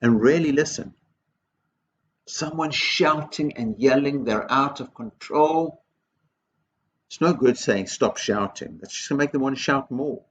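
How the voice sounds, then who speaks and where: A man's voice: medium pitch, a little slow, pauses often, highs cut off, a little hiss or hum. A man speaking as a headteacher in a school video assembly, earnest and encouraging, repeating his key phrases.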